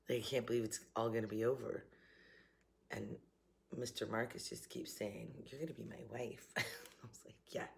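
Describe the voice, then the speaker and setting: Chatting to camera in her home kitchen, a middle-aged woman with a Southern accent vlogs in a bright, laughing, talkative mood despite a slight morning cough. She speaks in a bass voice marked by vocal fry.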